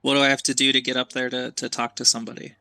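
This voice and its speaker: A man's voice: mid-range voice, little pitch movement, very fast, bright, forceful tone. A man playing in a tabletop game, asking casual questions. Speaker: player.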